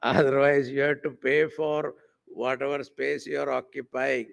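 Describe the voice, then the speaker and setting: A man giving a devotional sermon at a camp, speaking slowly and deliberately, asking his listeners rhetorical questions and using Sanskrit terms. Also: mid-range voice, little pitch movement, gravelly. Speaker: swami giving a spiritual discourse. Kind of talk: devotional sermon with a told story. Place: camp hall with a live audience.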